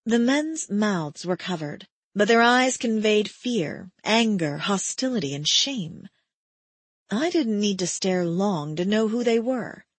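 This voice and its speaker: A woman narrating first-person fiction in a breathy, measured, steady voice. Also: medium pitch, no echo. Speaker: audiobook narrator.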